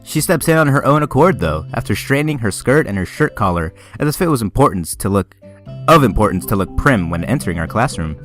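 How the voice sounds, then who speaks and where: A man reads a visual novel aloud in a casual, self-mocking way. His mid-pitched voice moves lively up and down. Faint music plays underneath. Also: a little fast. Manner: casual, laughs at himself. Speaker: game player.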